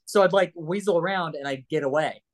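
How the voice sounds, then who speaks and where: A man who is a guest on a casual chat show, telling stories in a rambling, animated way with swearing and restarts. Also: on the high side, brisk.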